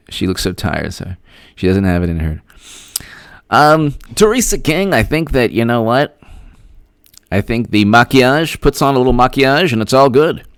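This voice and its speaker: Excitable, rambling male livestream host. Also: mid-range voice, no echo, clean studio sound. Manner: excitable, rambling, repeats himself. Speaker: political commentary host. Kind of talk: livestream commentary reading viewer comments.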